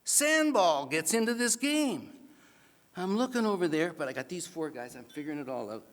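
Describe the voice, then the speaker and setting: A man giving an animated, self-mocking storytelling speech at an awards event, acting out the other people in his story. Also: a little high, normal speed. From Canada. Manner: animated, self-mocking anecdote with acted-out voices. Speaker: awards speaker. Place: banquet hall. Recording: reverberant hall PA sound.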